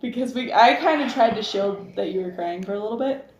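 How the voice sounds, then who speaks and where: A woman co-hosting a podcast, telling a party story in a giggly, animated way and acting out what people said. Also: medium pitch, a little fast. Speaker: podcast co-host. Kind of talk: casual chat, storytelling. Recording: echoey room, faint noise.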